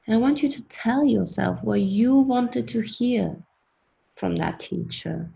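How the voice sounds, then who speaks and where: A woman leading a workshop through a guided self-hypnosis exercise, coaching in a gentle, encouraging, repetitive way. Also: fairly high pitch, animated, unhurried, gravelly, poor audio. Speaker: workshop leader.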